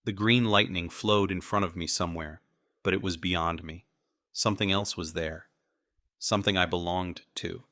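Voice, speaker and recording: A man narrating an audiobook in the first person with measured, even storytelling. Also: sits low, dry recording, clean studio sound.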